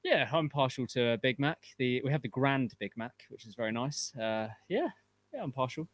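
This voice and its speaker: A man's voice: medium pitch, animated, normal speed. A man from England with an English accent, a guest in a casual chat, polite and dryly humorous. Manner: polite, dry humour.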